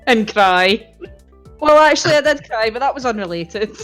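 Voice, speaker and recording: A woman's voice: on the high side, expressive, moderate pace, a bit bright, soft background music. A young woman chatting casually and laughing often while playing a story game with a friend. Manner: giggly, joking. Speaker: let's play co-host. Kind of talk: casual chat.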